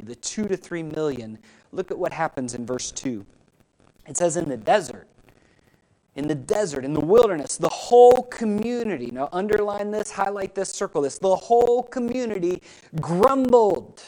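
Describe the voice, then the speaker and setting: Expressive woman preaching a sermon. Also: low-quality recording. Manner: expressive preaching, pitch and volume rising on emphasis; speaks directly to the congregation with questions. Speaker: pastor.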